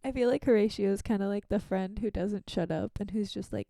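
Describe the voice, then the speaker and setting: Sick-sounding woman, gravelly and mellow. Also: mid-range voice, brisk, hardly any pauses, dry recording. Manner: chatty, rambling, giggly asides. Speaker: streamer. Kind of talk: casual live-stream reading with side commentary.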